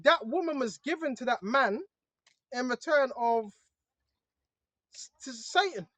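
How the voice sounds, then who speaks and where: High-voiced casual preaching man. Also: a little slow, bright, forceful tone, dry recording. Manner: conversational, repeats "bro" and "right?". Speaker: online preacher. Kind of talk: casual religious monologue.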